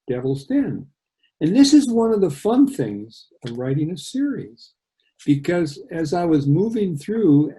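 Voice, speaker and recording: A man's voice: medium pitch, vocal fry, dark tone, rough recording. A male author reading his own novel aloud over a video call and chatting about it between passages.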